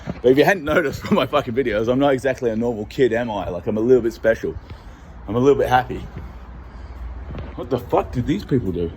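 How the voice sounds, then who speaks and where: A man's voice: mid-range voice, animated, darkish tone, a little hiss or hum. Rambling young Australian man, swearing nonstop. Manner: rambling, swears constantly, fast asides. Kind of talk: rambling walking vlog. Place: outdoors on city streets.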